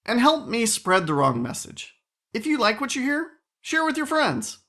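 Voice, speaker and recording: A man's voice: extremely high pitch, wildly swooping pitch, moderate pace, pushed and bright. Wry, chatty man hosting a podcast. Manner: chatty and wry, with rambling asides. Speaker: podcast host. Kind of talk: solo podcast monologue.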